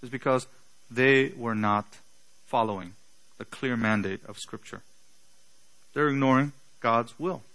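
A male pastor preaching a sermon. He speaks slowly and deliberately with a slight non-native accent and poses emphatic rhetorical questions. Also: medium pitch, a bit bright, rough recording.

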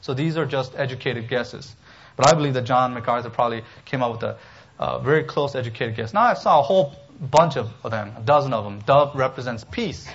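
A man preaching an expository sermon as pastor, emphatic and animated, with humorous asides. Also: medium pitch, lo-fi sound.

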